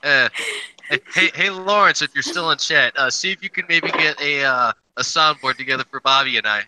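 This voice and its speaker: A man's voice: fairly high pitch, fairly quick, background noise. A man in casual podcast chat, laid-back and joking.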